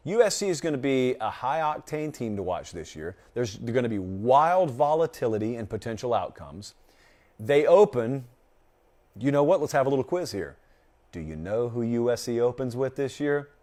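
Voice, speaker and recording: A male host runs a sports talk show and reacts to viewers' bold takes. His voice sits at a middle pitch and swings widely as he gets into a point. He delivers firm opinions with dry, sarcastic asides. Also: darkish tone.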